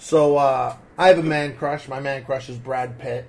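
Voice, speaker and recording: A man's voice: mid-range voice, steady tone, normal speed, a little mellow. A man hosting a casual podcast interview, asking crude, joking questions. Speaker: podcast host.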